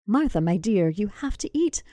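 A woman's voice: mid-range voice, sing-song, normal speed, mellow, no room sound, clean studio sound, natural voice. A woman voicing a nervous, fussing young husband who stammers and tries to placate.

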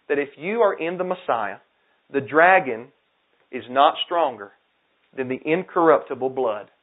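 Fervent man preaching over a tinny line. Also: mid-range voice. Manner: fervent, swinging from loud exhortation to hushed emphasis. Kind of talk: sermon. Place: outdoor camp meeting in the woods. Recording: tinny phone-like sound.

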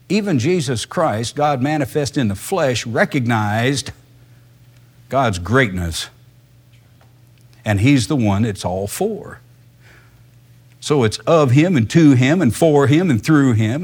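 A man's voice: mid-range voice, a little mellow, husky. Man preaching conversationally. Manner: conversational, emphatic preaching with rhetorical questions. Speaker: pastor. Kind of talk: sermon.

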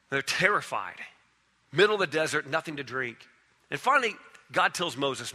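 Man pastor, sermon delivery, high and sharp, casual then building, big church reverb. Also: big pitch swings, moderate pace. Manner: conversational preaching, voice drops soft then swells in storytelling. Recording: long hall reverb.

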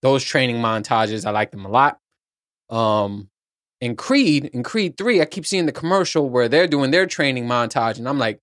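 A man's voice: medium pitch, animated, moderate pace, fairly bright tone, no room sound, studio quality. A middle-aged man hosting his own podcast from his workplace on his lunch break, rambling and swearing as he mocks himself. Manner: rambling, profane, self-mocking. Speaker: podcast host. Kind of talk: casual solo podcast chat.

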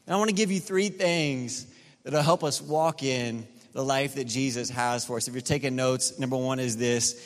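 A man's voice: medium pitch, fairly even intonation, moderate pace. A middle-aged man preaches from the pulpit, swelling into fervent peaks and easing back down. His voice rings through a large church hall with a long reverb tail. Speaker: pastor. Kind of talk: sermon.

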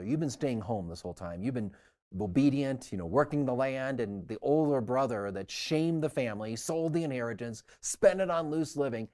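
A man's voice: mid-range voice, mellow. A man co-hosting a Bible study discussion, explaining scripture casually and acting out how listeners would react. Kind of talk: teaching discussion.

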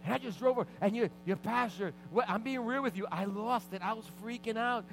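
A man preaching, a pastor telling a personal story in an animated way and acting out the scenes. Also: sits high, brisk, gravelly, slight background noise, rough recording. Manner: animated, reenacts scenes loudly. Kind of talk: storytelling sermon. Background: background music.

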